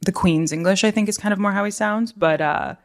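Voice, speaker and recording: A young woman guest on an interview show, telling stories in a chatty, animated way and laughing often. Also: mid-range voice, fairly quick. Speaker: guest actor. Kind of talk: casual interview chat.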